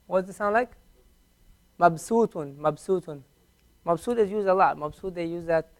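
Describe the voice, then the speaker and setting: A man teaching a beginners' class in a classroom, patiently repeating each word slowly for his students. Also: sits high. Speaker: Arabic teacher. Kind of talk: classroom language lesson.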